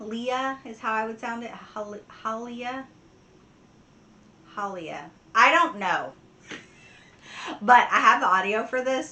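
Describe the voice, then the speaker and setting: A woman chatting casually from home about a book she read, giggling often and filling pauses with ums and likes. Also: medium pitch, bright, forceful tone, slight background noise. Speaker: book vlogger. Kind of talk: casual book review chat.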